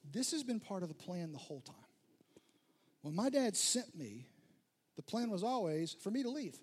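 A male preacher voicing Jesus calming his panicked disciples, in a casual, soothing tone that drops toward a whisper. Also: sits high, normal speed, slightly rough, exaggerated voice. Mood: reassuring.

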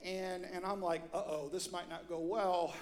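A middle-aged man preaching a storytelling sermon in a church, animated and acting out quotes with sudden loud high bursts. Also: moderate pace. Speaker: pastor.

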